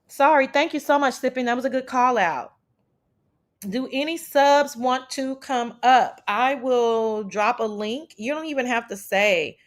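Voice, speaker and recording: A woman's voice: on the high side, a little slow. Brash, profane woman hosting a livestream. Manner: brash and profane, talks back to chat. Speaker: livestream host. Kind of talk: casual livestream chat.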